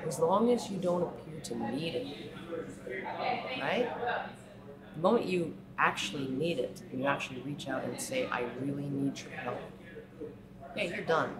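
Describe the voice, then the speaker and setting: A woman's voice: low voice, moderate pace, pauses often. A woman talks with conviction and tags many of her points with "right?". She slips into mocking impressions of the people she quotes. The sound is roomy and echoey, with a crowd audible behind her. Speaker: speaker. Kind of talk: impassioned talk.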